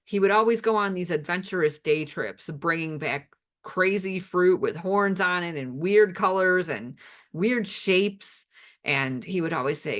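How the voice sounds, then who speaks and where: A woman's voice: lowish voice, moderate pace, a bit bright. A woman with children tells comic family anecdotes in a playful, self-deprecating stand-up style. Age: adult with children. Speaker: amateur comedian.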